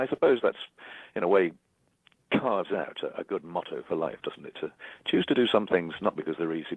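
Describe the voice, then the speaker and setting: A man answering an interview question in a halting, reflective way, often repeating words as he searches for phrasing. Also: sits low, slightly rough, dry recording. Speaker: interviewed musician. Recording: dry, tinny phone-like archival clip.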